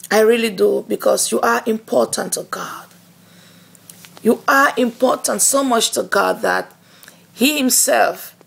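Woman evangelist, husky and gravelly, slow and earnest, devotional video message. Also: medium pitch. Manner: slow, earnest, encouraging, with fillers and repetitions.

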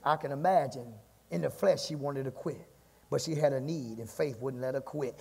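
A male pastor preaching a fiery sermon, punctuating lines with "my God" and swinging between shouts and hushed passages. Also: on the high side, animated, moderate pace, creaky, husky, big-room sound. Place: church sanctuary.

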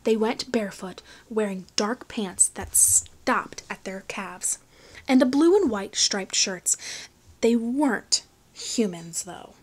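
A woman narrates a thriller novel for an audiobook at an unhurried pace. Her delivery is hushed and even, and her pitch sits in the middle. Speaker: audiobook reader.

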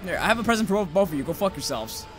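A young man commentating his own gameplay, rambling to himself and cursing loudly at the monsters. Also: high voice, lively intonation, very fast, a little hiss or hum. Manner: profane, rambling, yells at monsters.

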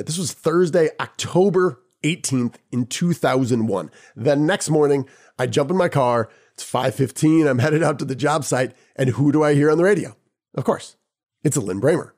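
A podcast host telling a personal anecdote in a lively, casual way, chuckling now and then. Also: male voice, on the high side. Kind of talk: personal storytelling.

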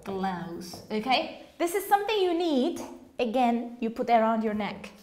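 A woman teaching English in a classroom, with a high voice that rises and falls widely. She talks slowly and patiently, repeating words and questioning the students. The room is echoey, with faint noise behind her. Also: big pitch swings, darkish tone. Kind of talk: classroom language lesson.

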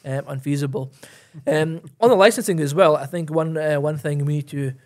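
A man's voice: a little high, moderate pace, a little mellow. A man, a guest in an interview, explaining at length with many fillers. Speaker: guest, property investor. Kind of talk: casual interview chat.

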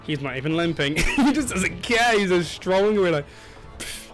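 An excitable young man talks over his gameplay, his voice sitting a little high and swinging widely in pitch. He yelps, laughs and chatters casually, with faint game music underneath. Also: fairly quick. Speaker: gaming channel host.

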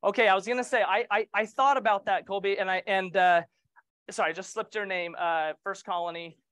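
A man's voice: high-pitched, steady tone, brisk, a bit bright, clean tone, no room sound. A middle-aged man leading a real estate training session, casual and joking, asking the group questions.

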